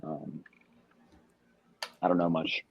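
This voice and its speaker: A man's voice: rumbling low, flat delivery, slow pace, gravelly, lo-fi sound, slight background noise. A man co-hosting a sports podcast in casual chat, talking loosely with frequent ums and trailing thoughts. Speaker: podcast co-host.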